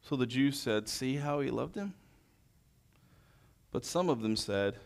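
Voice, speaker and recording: A man preaching a sermon, reading scripture verse by verse and then expounding, moving between loud proclamation and hushed quiet. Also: medium pitch, lively intonation, unhurried, vocal fry, pauses often.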